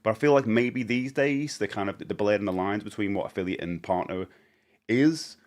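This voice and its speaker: A man's voice: fairly low pitch, normal speed, darkish tone. A British man in his forties chatting on a live stream, rambling with many fillers and greeting viewers as he goes.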